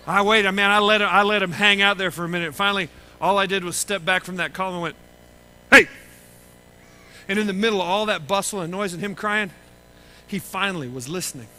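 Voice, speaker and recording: A man with a Texan accent telling a lively story to children at a camp gathering, acting out the voices of the people in it. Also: high voice, quick pace, low-quality recording. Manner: animated, acts out voices in his story. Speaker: camp speaker.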